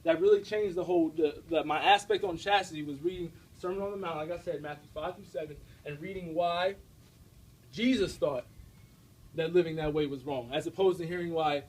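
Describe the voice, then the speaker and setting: A young American man giving an energetic, direct faith talk to a student audience, often checking in with his listeners. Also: a little high, brisk, slightly rough, poor audio. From United States. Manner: energetic, direct, preachy, with frequent checks like "all right?". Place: university room before an audience.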